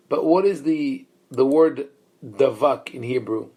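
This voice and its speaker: Male rabbi giving a study lecture; reflective and explanatory, medium pitch, hesitant and conversational. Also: a little slow, mellow. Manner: thoughtful, explanatory, many fillers and restarts; engages listeners with questions. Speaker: rabbi teaching a class.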